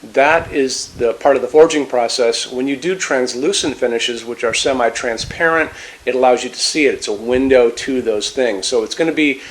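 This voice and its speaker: A man of middle pitch talks through a product demo in a relaxed, chatty way. He speaks to the viewer directly and often restarts his sentences as he goes. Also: moderate pace, low-quality recording. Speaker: lighting salesman presenting a product. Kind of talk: casual product walkthrough.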